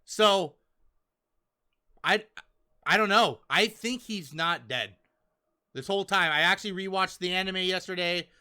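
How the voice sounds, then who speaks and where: Bright-voiced excitable young man. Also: high-pitched, measured pace, long pauses, smooth. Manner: chatty and excitable, acts out characters' lines. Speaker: podcast host reviewing manga chapters. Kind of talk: casual chat.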